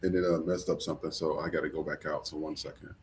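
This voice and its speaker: A man's voice: rumbling low, fast, slight background noise. A man hosting a live podcast, casually greeting viewers while fixing technical trouble. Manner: relaxed, fumbling with tech, shouting out viewers. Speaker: podcast host. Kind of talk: casual live-stream chat.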